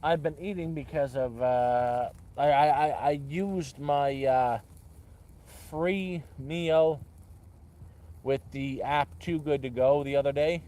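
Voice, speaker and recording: A man's voice: on the high side, takes it slowly, mellow. A man rambling in a casual, repetitive chat by a campfire, with restarts and swearing. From Canada. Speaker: vlogger. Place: outdoors by a campfire.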